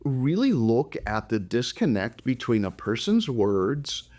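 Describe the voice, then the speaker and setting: A man's voice: medium pitch, a little slow. Middle-aged man co-hosting a chat. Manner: animated, acts out quoted lines. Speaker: co-host, psychologist. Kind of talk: casual conversational podcast.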